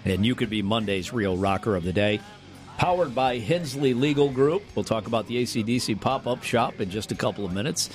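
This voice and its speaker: A man co-hosting a morning radio show, chatting casually and telling jokey, animated stories. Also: medium pitch, fairly quick, faint music behind.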